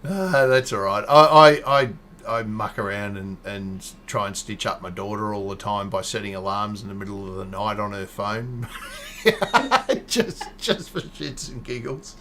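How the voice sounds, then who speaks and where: A man's voice: on the low side, animated, unhurried, pushed and bright, slight background noise. A man hosting a casual online chat show, talking in a rambling way, laughing often and restarting his sentences. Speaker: podcast host. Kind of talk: casual video-call chat.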